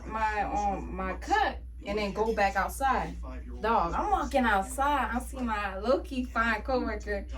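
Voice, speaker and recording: A young woman vlogger telling a casual storytime about work, animated, slangy and full of swearing. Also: on the high side, distant mic.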